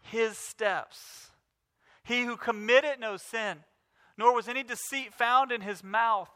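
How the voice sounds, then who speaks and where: A man's voice: very high-pitched, slow, sharp tone. A male pastor in his thirties preaching a sermon with emphatic, rising declarations. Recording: reverberant hall.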